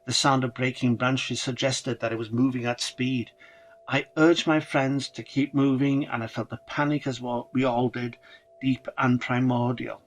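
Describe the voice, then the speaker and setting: A man's voice: mid-range voice, level tone, moderate pace, rough recording. A man narrating a first-person horror story dramatically, with casual swearing.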